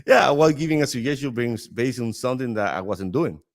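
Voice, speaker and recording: In a cigar lounge, a Dominican man in the cigar trade, a native Spanish speaker with a Dominican accent, tells a casual anecdote. His mid-range voice moves briskly, and he's an animated storyteller who laughs often and keeps restarting his sentences.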